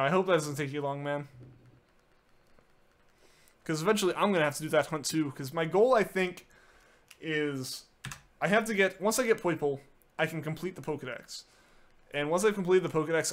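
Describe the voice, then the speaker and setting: A man on the higher side of pitch chats casually while streaming a game, talking at normal speed and pausing often as he answers viewer messages. He restarts sentences a lot and fills his talk with "like."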